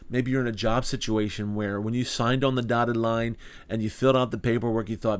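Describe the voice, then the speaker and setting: A man's voice: mid-range voice, steady tone, a little fast, clean tone. A man with a mid-range voice teaches a small group Bible study. His delivery is earnest and conversational, and he leans on rhetorical questions.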